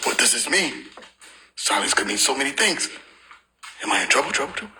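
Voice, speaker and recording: Animated, laughing man on a livestream. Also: mid-range voice, a little fast, a little hiss or hum. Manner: laughs often, joking and animated. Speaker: streamer. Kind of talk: casual livestream chat.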